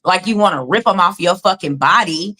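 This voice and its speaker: A woman's voice: on the low side, expressive, a little fast, pushed and bright. A woman in her thirties and a mother, talking candidly and emphatically with lots of profanity in a casual livestream chat over a video call. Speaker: co-host and mother.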